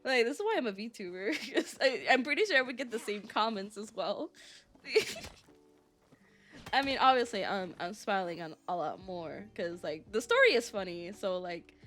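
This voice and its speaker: A young woman talks casually to her stream chat, rambling and circling back on herself with plenty of "like" and "um". Her voice sits at an ordinary middle pitch, with soft game music playing faintly underneath. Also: animated, normal speed. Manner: rambling storytelling with frequent fillers and laughs. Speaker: VTuber streamer.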